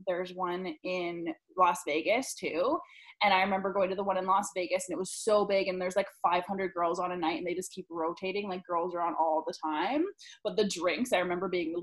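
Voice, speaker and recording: A young woman podcast host telling a story in casual chat, animated, laughing often and peppering her talk with "like". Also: fairly low pitch, poor audio. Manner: animated, laughing, lots of "like", swears freely.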